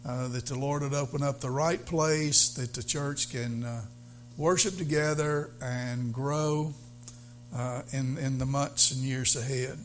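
A male pastor preaching a sermon, halting with fillers, then building to fervent emphasis. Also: medium pitch, fairly even intonation, a little hiss or hum.

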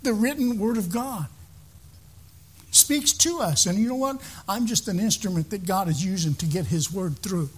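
A man preaches to his congregation in a high, somewhat husky voice. He speaks in a plain conversational way, often repeating a word or restarting a phrase before pressing his point. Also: moderate pace. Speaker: pastor. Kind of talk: sermon.

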